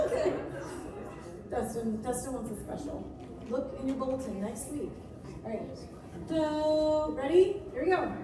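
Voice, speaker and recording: A woman's voice: high voice, measured pace, long pauses, noisy background. A woman music teacher leading a class through a lesson, playful and encouraging, and often singing solfege syllables. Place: church room with lots of reverb. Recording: echoey room picked up from a distance.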